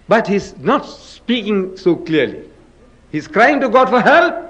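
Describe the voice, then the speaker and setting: A man's voice: sits high, big pitch swings, slow, a bit bright. A man giving an emphatic public debate lecture, firing rhetorical questions at the audience and dramatizing quotes. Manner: dramatic, acts out scripture quotes. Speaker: speaker in a religious debate.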